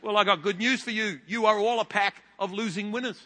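Male pastor, fifties, New Zealand accent, lively storyteller with a bright, high voice. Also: fairly quick. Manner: animated storytelling with big loud rises. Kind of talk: sermon. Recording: long hall reverb.

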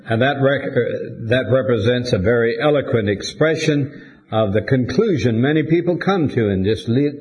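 Slow-talking guy preaching a sermon, calm and deliberate, lots of pauses. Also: medium pitch. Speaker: pastor.

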